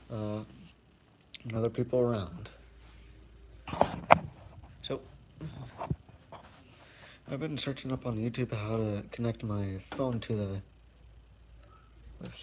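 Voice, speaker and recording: A young man rambles through a casual live stream from his home, drifting between topics with plenty of fillers and loose asides. His voice sits at an ordinary middle pitch, and he sounds easygoing as he moves about the room. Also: background noise. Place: at home, walking around.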